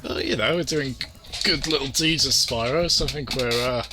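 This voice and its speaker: A man's voice: mid-range voice, moderate pace, background noise. A man casually chatting as he streams a video game, rambling from thought to thought and restarting his sentences, with game music behind him. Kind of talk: casual let's-play chat.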